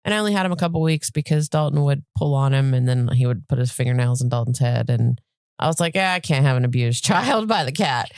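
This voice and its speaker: A woman in her forties co-hosting a casual podcast, talking in an animated way and telling stories about her cat. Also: a bass voice, fast talker, no room sound, studio quality. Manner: animated, acts out her cat's voice. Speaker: podcast co-host. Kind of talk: casual chat.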